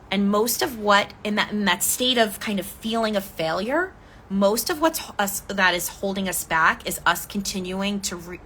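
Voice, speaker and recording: A woman speaking as a decluttering coach in a live coaching talk, gently guiding listeners through reflection and answering their comments. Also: medium pitch, a little hiss or hum. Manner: gentle, inviting, reads viewer comments aloud.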